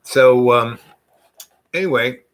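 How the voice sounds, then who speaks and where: An older man telling a long, rambling story in a casual, animated way, sometimes acting out the people in it. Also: mid-range voice, slow. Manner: rambling, animated, acts out voices in quotes.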